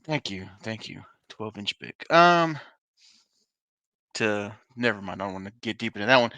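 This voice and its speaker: A man's voice: lowish voice, lively intonation, moderate pace, bright, forceful tone, no echo. A man co-hosting a casual podcast, laughing often and telling jokes in funny voices. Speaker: podcast co-host. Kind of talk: casual chat.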